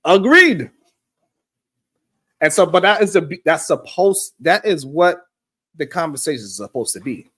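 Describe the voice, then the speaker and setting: A man hosting a talk show, reacting to clips in loose, animated commentary, laughing and repeating himself for emphasis. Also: fairly high pitch, unhurried, pauses often, slightly rough. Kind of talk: casual commentary. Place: studio.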